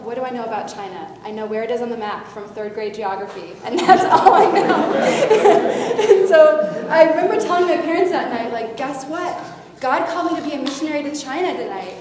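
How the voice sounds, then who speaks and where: Speaking a little fast in a fairly high voice, a woman is a guest speaker giving a young audience an animated personal faith testimony, her volume rising and falling lively. A crowd can be heard in the echoey hall, along with faint noise.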